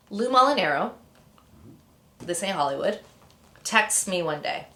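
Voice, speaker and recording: A woman's voice: mid-range voice, expressive, measured pace, long pauses, fairly bright tone, roomy sound. A woman in her thirties from Canada, chatting as an interview guest, rambling through stories with many fillers and tangents. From Ontario, Canada. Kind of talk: casual interview storytelling.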